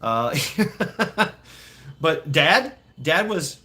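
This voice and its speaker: A man's voice: a little high, very animated, drawn-out words, bright, forceful tone. A man telling childhood stories casually to a live chat, laughing often and swearing freely. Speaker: streamer.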